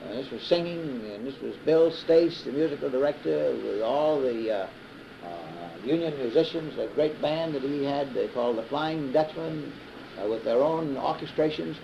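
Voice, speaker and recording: A man in his fifties with a Southern US accent tells a long, rambling story full of restarts and uh's. His mid-range voice is gravelly and expressive, moving at a moderate pace. He's an interviewee and radio broadcaster, captured on dull, faintly hissy old reel-to-reel tape.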